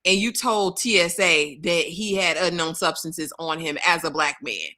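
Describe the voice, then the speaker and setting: A woman's voice: fairly low pitch, normal speed, bright, forceful tone. A woman co-hosting a casual movie review chat, giving blunt, exasperated commentary. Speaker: podcast co-host.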